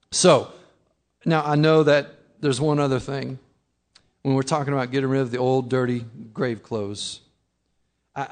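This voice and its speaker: A middle-aged man preaching a sermon in a conversational way, acting out his listeners' objections. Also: medium pitch. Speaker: pastor.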